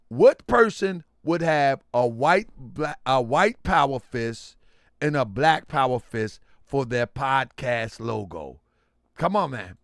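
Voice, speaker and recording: A middle-aged man hosting a livestream and reading chat aloud, loud and teasing, laughing often. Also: sits high, creaky, no echo, clean studio sound. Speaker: livestream host.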